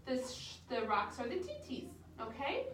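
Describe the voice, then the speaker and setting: A woman with a high voice teaches children music, cheering them on as she chants rhythm syllables. She sounds far from the mic in an echoey room with clear background noise. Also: wildly swooping pitch, normal speed, a bit bright.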